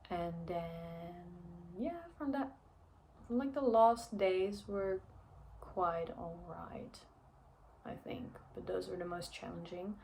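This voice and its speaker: A woman's voice: lowish voice, slow, vocal fry, darkish tone, slight background noise. A young woman telling a personal story in a chatty vlog, with lots of fillers and frequent laughs. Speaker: vlogger.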